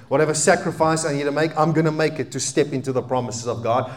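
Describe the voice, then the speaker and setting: A man in his thirties preaching a sermon as a pastor, animated, swinging between loud emphatic peaks and quiet asides. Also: on the high side, fast, few pauses. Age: 30s.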